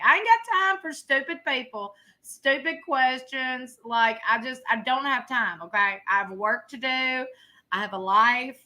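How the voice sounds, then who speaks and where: Woman in her thirties, sassy live streamer, very bright, pitched a bit high. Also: lively intonation, a little slow. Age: 30s. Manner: blunt, sassy, laughs often. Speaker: livestream host. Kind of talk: casual live commentary.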